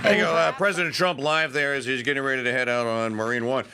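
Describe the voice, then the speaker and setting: A man hosting a talk radio show, chatting casually, laughing often and acting out quotes with animated delivery. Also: mid-range voice, fast talker, clear, resonant tone.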